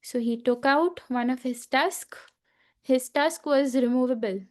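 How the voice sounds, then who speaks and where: A woman teaching a festival class retells a sacred story slowly, stopping for fillers and asides to her listeners. Her voice sits high and her pace is unhurried. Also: darkish tone.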